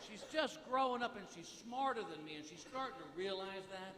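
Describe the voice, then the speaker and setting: A middle-aged man doing a live stand-up routine, telling exasperated family stories broken by high yelping outbursts. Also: expressive, fairly quick, background noise. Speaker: stand-up comedian. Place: large theater stage before a live audience. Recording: echoey hall, loud audience laughter. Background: loud crowd laughter and applause.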